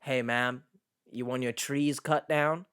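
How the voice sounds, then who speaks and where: A man's voice: a little high, slow, pushed and bright. Man putting on a folksy lumberjack voice. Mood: jokey. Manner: folksy, jokey put-on accent. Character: eager male lumberjack offering to chop trees.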